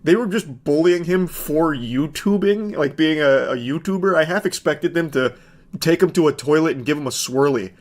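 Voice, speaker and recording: A man's voice: on the high side, expressive, moderate pace. A man giving casual, sardonic, profanity-laced commentary.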